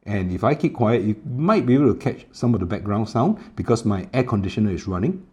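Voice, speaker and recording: A tech reviewer demos a small wireless clip mic at home in a relaxed product vlog, explaining things with lots of fillers. His fairly low voice moves at a brisk pace, and the room has an air conditioner.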